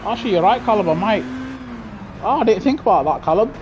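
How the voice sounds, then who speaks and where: A man streaming a racing game, talking casually to his chat, reacting loudly to the race and joking with viewers in slang. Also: sits high, animated, quick pace, background noise. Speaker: live-streaming sim racing gamer. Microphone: gaming headset.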